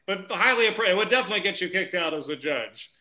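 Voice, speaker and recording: Man, comedy game show host, bright tone, playful teasing banter. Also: high voice, animated, fast talker, low-quality recording.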